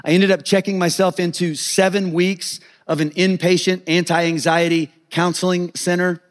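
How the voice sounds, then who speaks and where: A man's voice: high voice, flat delivery, normal speed. A middle-aged male pastor giving an earnest, confessional sermon, sharing personal testimony with many stammered restarts.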